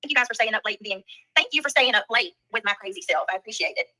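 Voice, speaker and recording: A Southern woman hosts a livestream, talking fast and greeting viewers one after another. Her voice is bright and sharp, pitched a little high, with quick casual chatter. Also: lively intonation, poor audio. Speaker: livestream host. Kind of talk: casual livestream chat reading comments.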